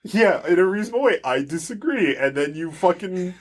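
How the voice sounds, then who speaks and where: A man's voice: high voice, lively intonation, brisk. A man co-hosting a podcast in casual chat, with a soothing voice, joking and mock-outraged, often laughing. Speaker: podcast co-host.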